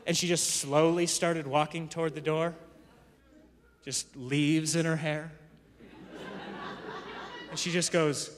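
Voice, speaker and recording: A male stand-up comedian telling animated stories to a live audience. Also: fairly high pitch, slow pace, pauses often. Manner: animated storytelling. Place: comedy club stage. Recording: echoey venue with audience noise.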